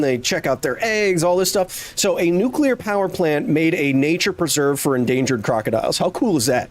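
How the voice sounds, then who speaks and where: A man's voice: on the high side, expressive, normal speed, hardly any pauses. A man in his thirties giving chatty, rambling live commentary while playing a game, with jokey asides to chat. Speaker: streamer.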